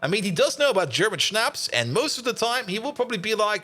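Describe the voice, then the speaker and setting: Guy streaming a game, bright voice, laughs a lot, says hi to chat. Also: high-pitched, big pitch swings, fast. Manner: chatty, laughs often, greets chat viewers. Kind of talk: casual live-stream chat.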